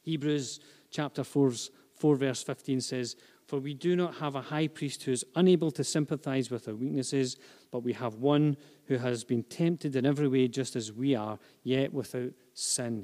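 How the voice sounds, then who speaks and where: A man preaching a sermon to a congregation, swinging from hushed, intimate phrases to loud, repeated emphasis. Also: medium pitch, normal speed. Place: church hall with a live and online congregation. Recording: long reverb of a large hall.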